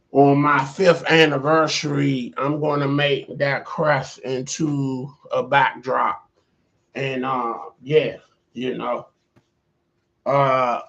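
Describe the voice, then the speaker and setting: Slow, rambling man telling a story. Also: mid-range voice, a bit bright. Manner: rambling, with many fillers like "you know". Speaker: vlogger. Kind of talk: casual storytelling to camera.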